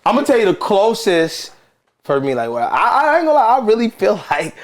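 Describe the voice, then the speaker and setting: A man's voice: high-pitched, very animated, a little fast. A man with a Detroit accent, a guest talking loosely in slang and laughing often in a casual chat. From Detroit, USA. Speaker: podcast guest.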